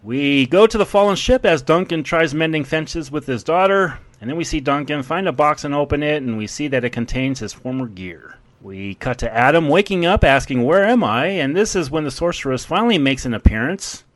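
Man, fairly high voice, casual movie recap, frequent chuckles, dry close sound. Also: expressive, fairly quick, few pauses, dry recording. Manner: chuckles often while narrating scenes. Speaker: movie recap podcast host.

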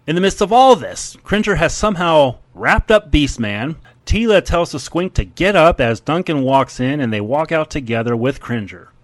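A man's voice: fairly high pitch, very animated, normal speed, few pauses, dry recording. Man recapping a film between laughs. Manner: laughs often while recapping. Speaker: podcast host recapping a film. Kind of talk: casual chat.

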